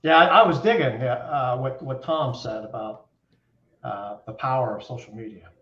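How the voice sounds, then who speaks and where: A man's voice: medium pitch, normal speed, fairly bright tone, echoey room, muffled recording, a little hiss or hum. A man guest in a casual chat, easygoing and joking. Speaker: guest speaker. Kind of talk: casual chat on a video call.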